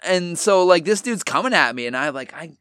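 A young man with a slightly high voice spins a story in easy, slangy podcast chat, swearing freely and leaning on "like" at every turn. The sound is close and dry, with no room around it. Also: animated, a little fast, pushed and bright, clear, resonant tone, no room sound. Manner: loose, profanity-heavy, full of "like" fillers.

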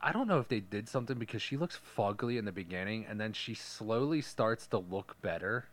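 A man's voice: on the low side, expressive, fairly quick. A man co-hosting a podcast, bantering about a movie in a laid-back, profane, joking way. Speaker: podcast co-host. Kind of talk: casual movie-review chat.

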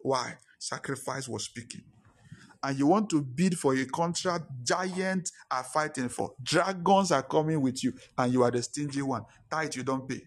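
Emphatic preacher. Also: male voice, moderate pace. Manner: repetitive, emphatic, drops low for dramatic points. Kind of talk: sermon with storytelling.

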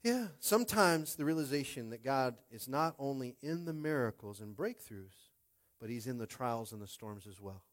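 A young man preaching a sermon as pastor, conversational and animated, calling out to the congregation. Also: medium pitch, normal speed.

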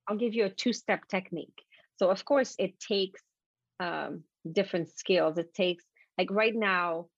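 A French Canadian woman, a native French speaker, explaining a mindset technique as a podcast guest in an animated, repetitive way. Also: mid-range voice, no room sound. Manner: animated, repetitive, stumbling restarts. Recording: dull lo-fi dry recording.

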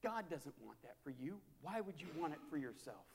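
A man preaching a sermon as a pastor, impassioned and repetitive, swinging from hushed to loud. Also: on the high side, sing-song, brisk, gravelly, slight background noise. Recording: long hall reverb.

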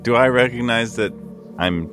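A man's voice: mid-range voice, normal speed, fairly bright tone, faint music behind. A man playing a tabletop game and talking in character with easygoing, schmoozing banter. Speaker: player.

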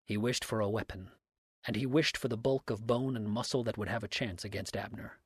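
A man narrating a story aloud in a measured, even way. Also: fairly low pitch, breathy edge, dry recording, clean studio sound. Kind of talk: audiobook narration.

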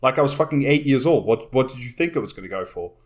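A man's voice: medium pitch, animated, fast talker. A British man co-hosting a casual comedy chat, sweary and sarcastic, often acting out mocking quotes. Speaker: podcast co-host.

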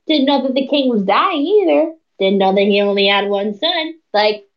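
A woman chatting casually about a book on a podcast, animated and quick to laugh. Her voice sits fairly high. She sounds a bit distant from the mic, with a dull, lo-fi tone. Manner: animated, laughs often, acts out characters' lines. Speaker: podcast co-host. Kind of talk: casual book review chat.

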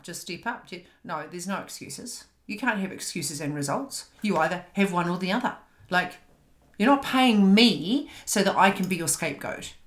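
A woman in her fifties with a New Zealand accent, a podcast host and coach telling a personal story in a fast, animated, frank way. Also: fairly low pitch, roomy sound. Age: 50s.

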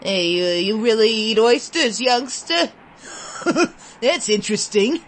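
A gentleman in a top hat laughs at a child and teases him, as a woman reader puts him on. His speech is slow and mocking, pitched fairly high. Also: slight background noise. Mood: amused teasing. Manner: laughing and teasing.

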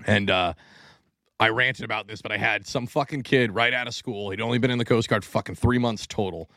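A man's voice: lowish voice, fairly quick, bright, forceful tone, dry recording. Profane, ranting male podcast host. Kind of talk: casual podcast banter.

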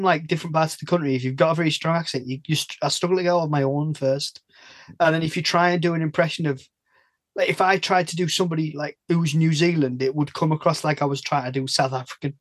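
A man's voice: a little high, steady tone, fast talker, dry recording. A British man chatting as a podcast guest, rambling, restarting his sentences and laughing between thoughts. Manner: rambling, self-interrupting, laughs often. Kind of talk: casual chat.

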